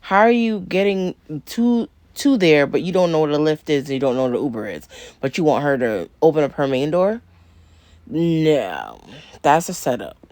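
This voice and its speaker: A woman's voice: low-pitched, very animated, moderate pace, mellow, no echo. A woman hosting a reaction video, bluntly and emphatically talking to her viewers. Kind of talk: casual reaction commentary.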